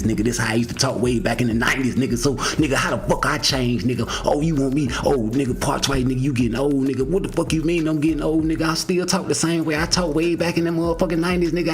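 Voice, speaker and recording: Swaggering middle-aged man ranting. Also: slight background noise. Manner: loud, swaggering, swinging pitch from low mutter to high yelps. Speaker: boxing opinion vlogger. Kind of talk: casual profane rant.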